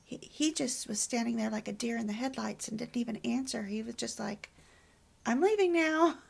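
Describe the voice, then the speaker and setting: A middle-aged woman hosting a homemaking video, telling personal stories in a soft, often near-whispered way. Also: on the high side, steady tone, fairly quick, gravelly, breathy edge. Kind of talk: personal storytelling talk.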